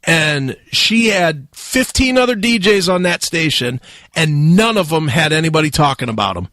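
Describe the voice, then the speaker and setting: Animated, high-voiced storytelling man. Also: normal speed, dry recording. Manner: loud, profane, laughing storyteller. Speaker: radio host. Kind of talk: animated storytelling on a talk show.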